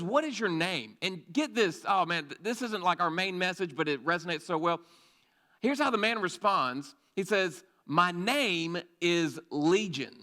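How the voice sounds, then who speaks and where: A young preacher with a high, ringing voice talks to his youth group like a friend. He jumps between storytelling, quick jokes and acted-out lines, bright and energetic throughout. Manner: energetic, conversational, jokey asides and acted-out quotes. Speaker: youth pastor. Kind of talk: sermon.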